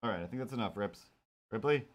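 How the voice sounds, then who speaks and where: A man's voice: lowish voice, animated, quick pace. A man hosting a live stream while he draws, rambling and joking to himself and his viewers in a casual chat. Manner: rambling, jokey, talks to himself. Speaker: streamer drawing cat comics.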